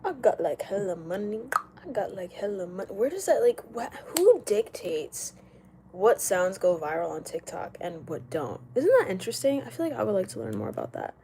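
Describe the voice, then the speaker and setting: A young woman live streaming from home, chatting casually, reading out comments and firing back quick retorts with frequent laughs. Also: medium pitch, sing-song, mellow, a little hiss or hum. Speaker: livestreamer. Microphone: camera mic while live streaming.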